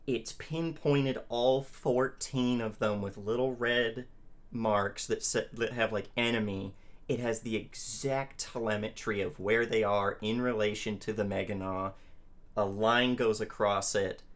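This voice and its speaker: Guy playing a tabletop game, talks slow, describes stuff carefully. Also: fairly low pitch, steady tone. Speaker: player.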